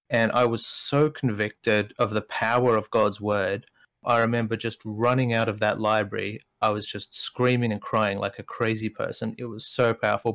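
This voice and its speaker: Candid man with a lower voice. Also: a bit bright. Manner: candid, emotional, searching for words. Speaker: podcast co-host. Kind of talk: reflective faith discussion.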